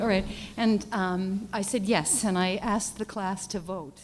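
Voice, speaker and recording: A woman painter on a panel, telling a story in a halting, earnest way with many restarts and repeated words. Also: medium pitch, steady tone, slight background noise. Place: lecture hall at a panel event. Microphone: handheld or podium mic, often off it.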